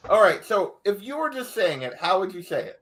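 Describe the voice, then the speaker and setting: A man's voice: high-pitched, very animated, a little fast, fairly bright tone. A man in a casual chat who teases and laughs easily.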